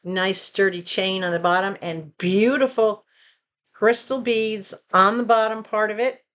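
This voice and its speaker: A woman with a Southern American accent chatting casually and expressively to her viewers from home. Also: unhurried. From Southern United States. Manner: chatty and expressive, rising to animated pitch when excited. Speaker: vlogger. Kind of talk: casual chat.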